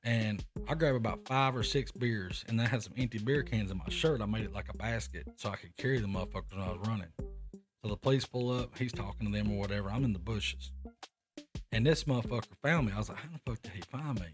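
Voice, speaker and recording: A man's voice: fairly low pitch, fast talker. A young man hosting a podcast, telling rambling, profane stories in casual chat. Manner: profane, rambling anecdotes with animated quoted voices. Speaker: podcast host. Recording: music playing in the background.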